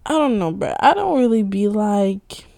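A young podcast host delivers a late-night solo rant, loose and candid with lots of slang and profanity. Her medium-pitched voice is expressive, creaky and dark, at a normal speed.

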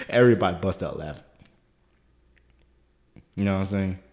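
A man co-hosting a podcast, telling a profane, animated story and leaping into high squeaky voices when he quotes people. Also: normal speed, slight background noise. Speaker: podcast co-host. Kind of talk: casual storytelling chat.

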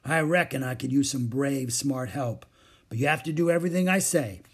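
A man's voice: medium pitch, normal speed, breathy edge. A man voicing a friendly, drawling cowboy in a storybook reading. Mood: folksy. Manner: folksy western drawl. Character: friendly drawling adult cowboy, gruff and kind.

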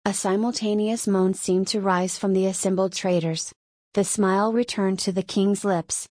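A woman reads a period story aloud in a steady, even narrator's voice. Her voice sits at an ordinary middle pitch. The recording is dry, with no room echo. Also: moderate pace. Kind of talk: audiobook narration.

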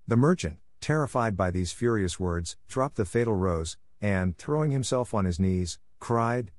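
A man reads a classic story in a calm, steady audiobook narration. His voice sits somewhat low. It is recorded dry and close, with no room echo. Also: moderate pace, few pauses.

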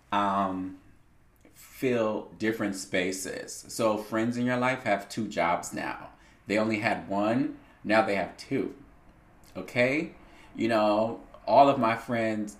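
A man hosting a casual solo podcast, speaking in a candid, reflective way with a lot of swearing. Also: fairly low pitch. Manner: candid and heavily profane, reflective. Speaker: podcast host. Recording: roomy echo.

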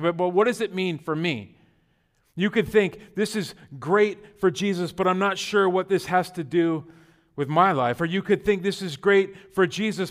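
A man preaching a sermon, telling personal stories conversationally, shifting between loud bursts and quiet, intimate moments. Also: sits high. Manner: conversational with fillers like "like" and "you know". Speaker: pastor.

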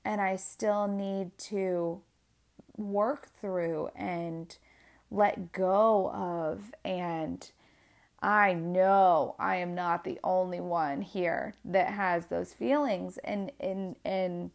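Speaking to camera, a twenty-something single mom shares an emotional personal story with open, animated candor. Her voice is gravelly and she draws out her words, restarting frequently and rising in pitch and volume whenever she's upset.

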